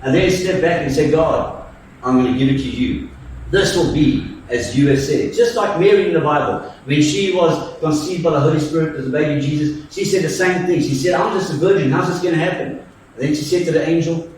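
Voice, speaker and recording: Preacher in an echoey church, far off. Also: male voice, on the high side, brisk, darkish tone, a little hiss or hum. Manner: storytelling, acts out voices with jokes. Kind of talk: sermon. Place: church hall.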